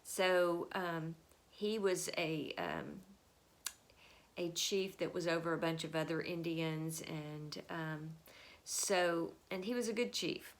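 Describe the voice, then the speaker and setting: Chatty woman telling a history story. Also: lowish voice. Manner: chatty storytelling with many fillers; acts out the historical figures with quick changes of voice. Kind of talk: casual spoken history lesson.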